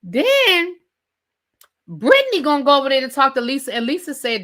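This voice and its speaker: A woman with a high, bright voice rants sassily through a reality TV recap. She talks straight to her viewers in a loose, conversational style. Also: sing-song, fast. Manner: sassy, conversational, addresses viewers as y'all. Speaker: TV recap host. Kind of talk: animated reality TV rant.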